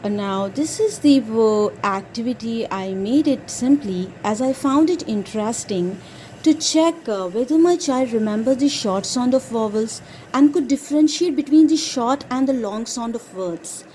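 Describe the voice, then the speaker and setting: A woman's voice: fairly high pitch, expressive, normal speed, mellow, a little hiss or hum. A woman drilling her young child on phonics, patiently spelling out letters one by one and praising each answer.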